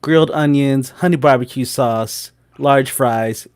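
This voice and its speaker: A man's voice: mid-range voice, measured pace, darkish tone, clear, resonant tone. Joking, teasing male co-host. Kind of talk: casual banter.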